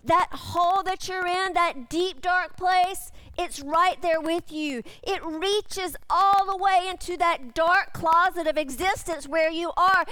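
A woman's voice: very high-pitched, slow, few pauses, sharp tone, dry recording. A woman pastor preaching a sermon, speaking emphatically and repeating her key phrases again and again.

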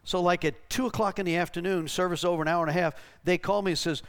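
A pastor gives a sermon in church, teaching through anecdotes in a conversational style, tagging lines with "right?" and acting out the voices in his stories. His voice sits high with fairly even intonation, and he talks quickly in a clear, resonant, slightly bright tone.

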